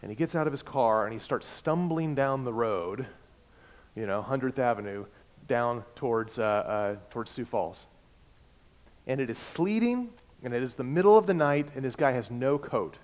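A male pastor preaches conversationally and tells his story easily. His voice sits at an ordinary middle pitch and swings between loud and soft. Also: animated, moderate pace. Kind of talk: sermon with personal anecdote.

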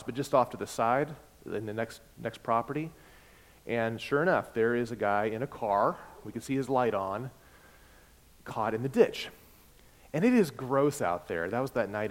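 A male pastor preaches conversationally and tells his story easily. His voice sits at an ordinary middle pitch and swings between loud and soft. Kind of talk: sermon with personal anecdote.

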